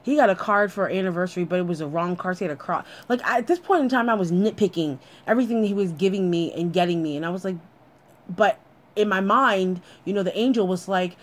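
A woman's voice: mid-range voice, quick pace. A woman telling a personal story in a blunt, candid way, swearing freely as she talks.

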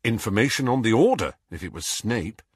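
A man's voice: lowish voice, big pitch swings, a little fast, breathy edge, no room sound, clean studio sound. A man voicing an eager, secretive teenage boy wizard who talks keenly but stays guarded. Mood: urgent.

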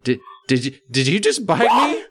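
A man's voice: wildly swooping pitch, fairly quick, very noisy. A man reading aloud voices a panicked middle-aged man who screams in pain. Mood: panicked screaming. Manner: shrill, frantic screaming.

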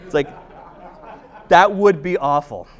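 High-voiced man preaching with wry humor. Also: animated, slow, a faint crowd. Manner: humorous self-deprecating storytelling. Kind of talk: conversational sermon.

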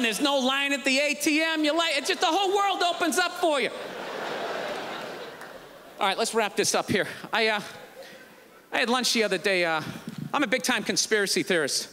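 A man doing a stand-up set on a theater stage. He rants with disbelief and bursts into shouts. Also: extremely high pitch, slight background noise. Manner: ranting, incredulous, bursts into shouts. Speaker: stand-up comedian. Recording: reverberant hall, faint audience.

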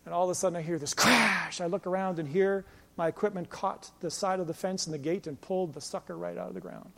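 Pastor guy giving a sermon, fired up then quiet, big reverby church sound. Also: high-pitched, steady tone, fast, vocal fry. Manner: passionate preaching, swinging from loud emphatic lines to quiet storytelling. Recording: long hall reverb.

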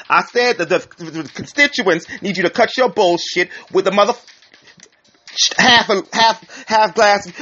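A man hosting a community talk show, sassy and theatrical, calling listeners honey and child. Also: sits high. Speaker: community radio host. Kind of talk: flamboyant comic commentary. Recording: dull lo-fi recording with loud hiss.

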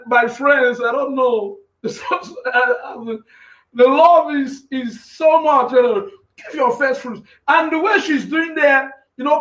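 A man preaching on a live stream in an excitable, repetitive way, often asking "you know what I'm saying". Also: extremely high pitch. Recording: echoey room sound.

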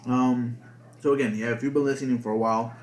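A man's voice: mid-range voice, fairly even intonation, fast, a little mellow. A young man hosting a podcast alone, rambling casually with lots of swearing and filler words. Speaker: podcast host. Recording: echoey room.

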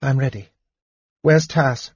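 A man voicing a young elf woman who speaks in a high, breathless, urgent way in an audiobook. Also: slow, darkish tone, breathy edge, no echo, lo-fi sound. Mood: shaken. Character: young elf woman, earnest, pleading, desperate. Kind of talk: audiobook character voice.

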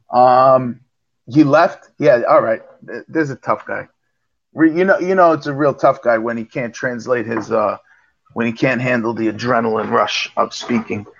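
A man jokes and teases his co-host in loose, rambling livestream banter. His voice has a gravelly, creaky texture, and the audio comes through dull and lo-fi. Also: mid-range voice. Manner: joking, teasing, rambling.

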